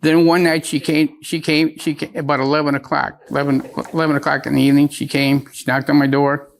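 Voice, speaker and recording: A man's voice: fairly high pitch, flat delivery, fairly quick, creaky. A man testifying as the plaintiff in a TV courtroom, rambling and repeating phrases as he tells his story. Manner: rambling, repeats himself, stumbles over words.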